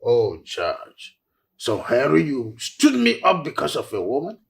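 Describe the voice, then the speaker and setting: A man's voice: mid-range voice, wildly swooping pitch, a little slow, gravelly, exaggerated voice. An actor playing a boastful, flirtatious middle-aged man who chuckles and teases as he talks.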